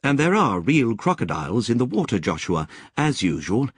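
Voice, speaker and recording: A man voicing a calm, knowing male guide in an audiobook, who talks in measured, lecturing explanations. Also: mid-range voice, breathy edge, no room sound, voice pushed up. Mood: explaining.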